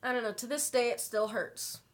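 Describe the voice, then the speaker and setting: A young woman talking to her camera in her bedroom, telling an emotional story slowly and haltingly while fighting back tears. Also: on the high side. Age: young adult. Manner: halting, slow, many pauses and fillers. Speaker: vlogger.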